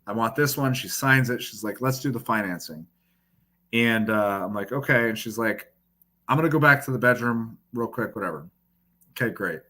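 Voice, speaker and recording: A man, a podcast guest, telling a profane, lively anecdote full of quoted dialogue. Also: on the low side, normal speed. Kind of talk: casual storytelling.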